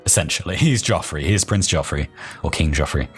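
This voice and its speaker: Deep-voiced man reading game text with jokes. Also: lively intonation, a little fast, faint music behind. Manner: reads story text aloud with joking asides. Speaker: let's play host. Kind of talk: gameplay commentary, reading game text aloud.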